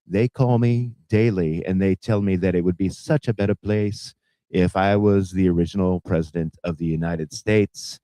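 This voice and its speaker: A man's voice: low voice, fairly even intonation, normal speed, dark tone, dry recording, natural voice, rough recording. A man putting on an impression of a boastful older male politician who rambles and repeats grand superlatives.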